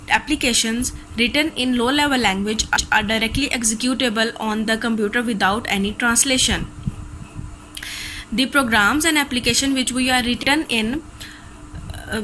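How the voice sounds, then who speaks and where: A woman's voice: a little high, pushed and bright, slight background noise, low-quality recording. A woman teacher with a Pakistani accent, reading a recorded class lecture steadily from textbook notes.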